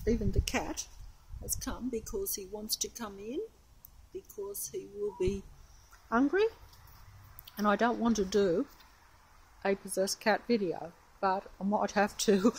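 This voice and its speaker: The audio is poor, carrying this vlogger's mid-range, darkish voice as she films on a phone. Out on a windy, rainy street, the Australian woman narrates casually in a rambling, tentative and wary manner.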